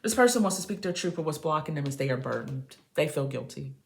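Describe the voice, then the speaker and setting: A woman's voice: sits low, lively intonation, quick pace, vocal fry, a little hiss or hum. A woman giving a tarot reading to camera, talking straight to the listener in an emphatic, preachy, casual way. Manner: casual, says baby and y'all. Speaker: tarot reader.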